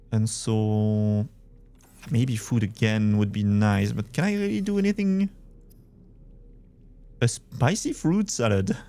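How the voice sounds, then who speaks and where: A man's voice: mid-range voice, warm tone. A young man with a Belgian French accent, chatting casually as he streams a game and answers his chat. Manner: chatty, thinks aloud, reads chat. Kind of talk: casual gameplay commentary.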